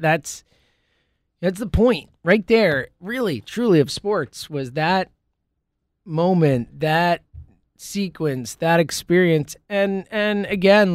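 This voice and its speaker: A man hosting a sports talk show in a casual solo monologue, rambling and excitable, full of fillers and restarts. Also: sits high, dry recording, studio quality. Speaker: sports podcast host.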